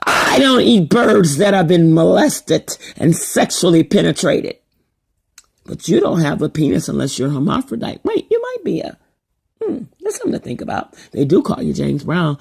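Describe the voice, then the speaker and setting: Older lady ranting on her vlog, gravelly husky voice, swoops up and down a lot. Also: normal speed. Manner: animated and mocking, with wide pitch swings. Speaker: vlogger.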